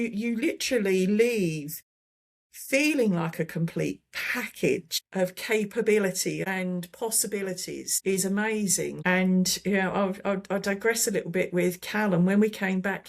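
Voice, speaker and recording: A woman, a holistic therapist, talking enthusiastically as an interview guest, often repeating words as she gathers her thoughts. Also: mid-range voice. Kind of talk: casual testimonial chat.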